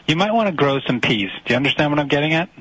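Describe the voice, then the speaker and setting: Man, brash, mocking, husky voice, dry sound. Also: on the high side, expressive, racing, a bit bright, dry recording, rough recording. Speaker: comedic performer. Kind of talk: improvised comedy sketch.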